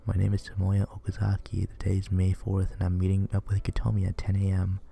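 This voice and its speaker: Gravelly, dark-voiced man reading a game aloud. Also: sits low, monotone, brisk. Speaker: game reader. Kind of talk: reading a visual novel aloud.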